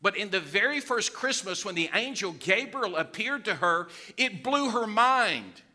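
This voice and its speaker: A male pastor, preaching a sermon with animated storytelling and acted-out quotes. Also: high voice, a little slow.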